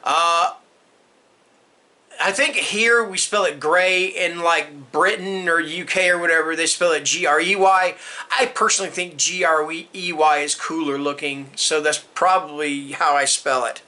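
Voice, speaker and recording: A man's voice: a little high, steady tone, measured pace, bright, forceful tone. An American man in his fifties chatting through a casual question list for his book channel, rambling and stopping to restart, with joking asides. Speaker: book vlogger. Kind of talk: casual Q&A tag video.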